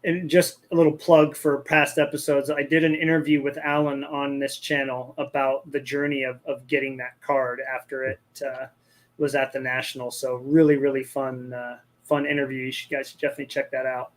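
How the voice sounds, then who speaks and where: A man co-hosts a laid-back podcast at an ordinary middle pitch. He talks freely and eagerly, often repeating and restarting words as he goes. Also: little pitch movement, normal speed. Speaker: podcast co-host. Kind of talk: casual chat.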